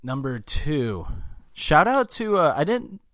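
A man's voice: very animated, slow pace, fairly bright tone, no room sound, clean studio sound. A man co-hosting a podcast in casual chat, a profane storyteller who quotes people in mocking voices. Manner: profane storyteller, jumps into high mocking voices when quoting. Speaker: podcast co-host.

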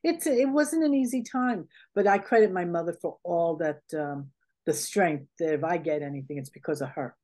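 A woman's voice: fairly low pitch, normal speed, dark tone. A middle-aged American woman, a guest in a casual interview, telling heartfelt stories in a rambling way with many fillers. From United States. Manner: rambling, heartfelt storytelling with many "you know"s.

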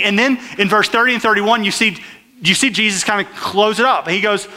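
A man's voice: sits high, steady tone, a little fast, pushed and bright, big-room sound. A man preaching a conversational sermon who often puts questions to the crowd. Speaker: pastor.

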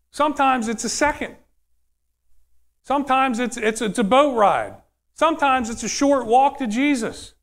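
A male preacher delivers a conversational sermon, often turning to ask the audience questions. His voice sits high for a man, and he shifts between quick asides and slow, weighty points. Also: creaky, a bit bright.

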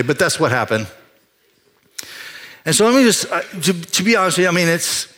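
An older man, a pastor, preaching a confessional sermon, moving from hushed, halting storytelling to loud, emphatic exhortation. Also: medium pitch. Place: church sanctuary.

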